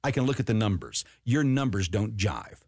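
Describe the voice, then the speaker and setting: A man's voice: on the low side, sing-song, moderate pace, gravelly, a little mellow, husky, dry recording, clean studio sound. A man hosting an opinionated commentary show, emphatic and profane, repeating his key points.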